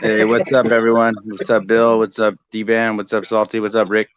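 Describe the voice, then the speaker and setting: A man's voice: on the low side, flat delivery, moderate pace, highs cut off. A man hosting a live stream in casual chat, rambling and joking crudely.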